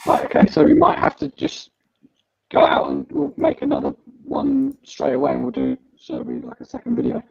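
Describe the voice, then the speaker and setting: Man, podcast host, gravelly, husky, dull crackly call audio, halting. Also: a little high, wildly swooping pitch, darkish tone, dry recording. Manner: halting, repeats words while sorting out tech problems. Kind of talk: casual video-call chat. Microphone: computer mic on a video call.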